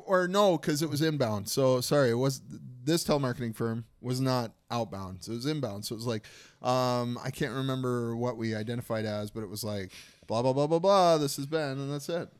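A man's voice: medium pitch, fairly quick. A man co-hosting a casual podcast chat, rambling and laughing as he jokes with friends. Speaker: podcast co-host.

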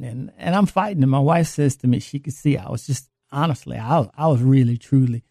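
A man's voice: mid-range voice, fairly quick, hardly any pauses, mellow, no echo, clean studio sound. A man earnestly telling a personal faith testimony about his recovery. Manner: earnest, confessional storytelling. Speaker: guest sharing a recovery testimony.

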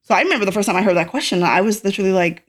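A woman's voice: medium pitch, lively intonation, racing. A woman in her forties from Ireland with a faded Irish accent, talking as an interview guest, rambling and acting out quoted lines. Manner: rambling storyteller, frequent fillers, acts out quoted lines. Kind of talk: casual interview.

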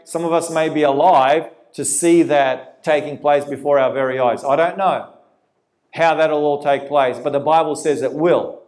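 A man preaching a prophecy sermon, animated and asking his listeners rhetorical questions. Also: fairly high pitch.

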